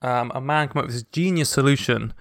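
A man's voice: mid-range voice, quick pace, dry recording, clean studio sound. A man co-hosting a casual podcast, presenting a light news story. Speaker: podcast co-host.

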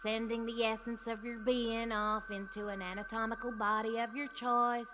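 A woman's voice: fairly high pitch, flat delivery, normal speed, fairly bright tone, faint music behind, close to an everyday voice. A woman voicing a breezy female afterlife official with a folksy twang and a playful, teasing manner. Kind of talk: audiobook character voice.

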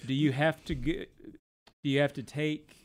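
A man co-hosting a sports show who gives analysis and asks questions in a halting way, with many restarts. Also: fairly high pitch, steady tone. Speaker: show co-host.

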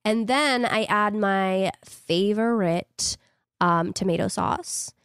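In a smooth, medium-pitched voice, a young woman with a New York accent takes her time chatting casually. She's animated and rambling, leaning on many fillers, in a dry, studio-quality recording.

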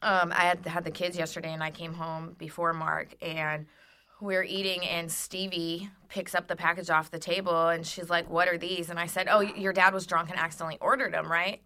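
A woman's voice: on the low side, level tone, brisk, pushed and bright. A woman co-hosting a casual podcast, talking bluntly and crudely, often with laughing asides. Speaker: podcast co-host. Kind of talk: casual chat.

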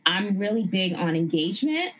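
A middle-aged woman from the Bronx, a guest telling rambling, animated stories in a casual interview. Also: mid-range voice, normal speed, a little hiss or hum, poor audio. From the Bronx, New York. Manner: animated, rambling storyteller with frequent laughs.

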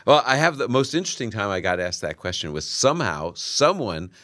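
A man's voice: on the low side, big pitch swings, brisk, a bit bright, no room sound, studio quality. A man who hosts a radio Bible-answer show, chatting casually on air and telling a story about a caller. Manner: storytelling, acting out callers with short quotes.

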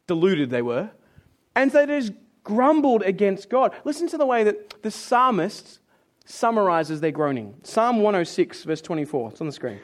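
Male preacher, higher voice, lively sermon delivery that dips low for readings. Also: normal speed. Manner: animated, acts out complaining voices, drops low for scripture.

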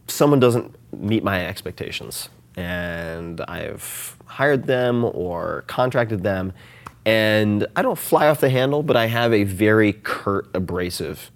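A man talking as a guest in a casual interview, animated and self-deprecating, often restarting and filling with "like". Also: fairly low pitch. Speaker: podcast guest.

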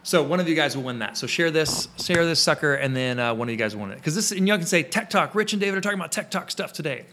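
Bright-voiced man on a casual podcast. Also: a little high, expressive, fast, few pauses, a little hiss or hum. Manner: loose, rambling, lots of fillers and restarts. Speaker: podcast co-host and photography teacher. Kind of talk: casual podcast chat, live-streamed. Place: his small photo studio.

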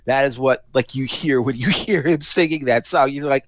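A man's voice: on the high side, a little fast, few pauses, dry recording. Chatty man hosting a music podcast. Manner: talkative, many "like" fillers, animated. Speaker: podcast host. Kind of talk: casual music discussion.

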